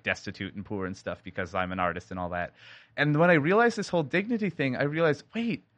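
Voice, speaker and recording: Bright-voiced man telling stories. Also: mid-range voice, dry recording. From India. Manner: animated storytelling with many likes and restarts. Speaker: sound designer and guest. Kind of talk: casual interview talk.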